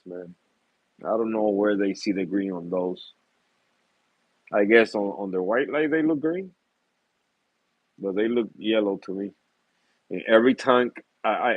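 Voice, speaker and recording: A man's voice: on the low side, no room sound, phone-quality sound. Rambling casual reef-hobby vlogger man. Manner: rambling, apologetic, laughs often, many fillers. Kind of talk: casual chat.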